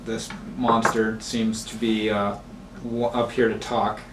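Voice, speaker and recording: A man running a tabletop game as game master, often pausing with fillers. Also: on the low side, flat delivery. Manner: halting, many fillers. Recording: echoey room, far mic, noisy.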